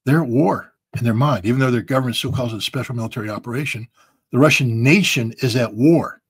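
A man's voice: medium pitch, fast, breathy edge. A man from the United States giving emphatic, blunt political commentary as a guest.

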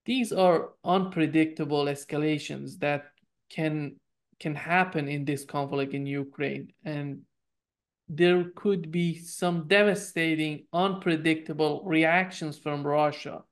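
An interview host asking measured questions. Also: mid-range voice, steady tone.

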